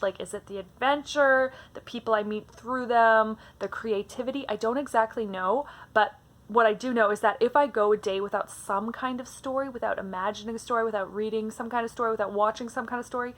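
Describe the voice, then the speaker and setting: A woman's voice: medium pitch, fairly bright tone. A woman chatting about books in a casual vlog, hyper and bubbly, often restarting her sentences. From Canada. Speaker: book vlogger. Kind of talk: casual book tag vlog.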